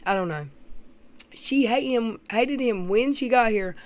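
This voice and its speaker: A woman's voice: on the high side, measured pace. Gossipy woman streamer. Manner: gossipy, blunt, rambling, frequent ums. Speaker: livestream host. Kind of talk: casual chat with live viewers.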